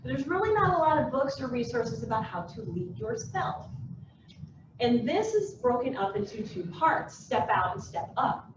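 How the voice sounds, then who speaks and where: A woman presenting a business workshop to a live audience, animated and playful, acting out little scenes. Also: fairly high pitch, moderate pace, recorded from a distance. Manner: animated, acts out little scenes in different voices. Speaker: workshop presenter and success coach. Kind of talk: lively business workshop talk. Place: meeting room with a live audience. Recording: echoey room recorded from afar, dull and a bit noisy.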